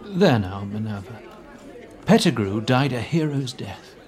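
An actor playing a fussy, self-important middle-aged government minister recounting events earnestly. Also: male voice, medium pitch, big pitch swings, unhurried, darkish tone, a faint crowd. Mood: consoling.

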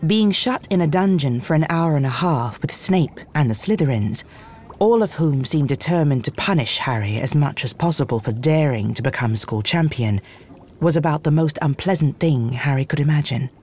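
A narrator reading a fantasy novel aloud in a steady, expressive storytelling manner. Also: mid-range voice, moderate pace, slight background noise. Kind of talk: audiobook reading.

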